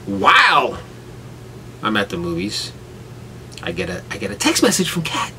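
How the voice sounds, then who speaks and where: A man's voice: on the low side, wildly swooping pitch, moderate pace, pushed and bright, far from the mic, slight background noise, poor audio. A man telling a rambling story at home in a casual vlog, with rain falling outside. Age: adult father with a son. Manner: rambling, laughs hard at his own story. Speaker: vlogger.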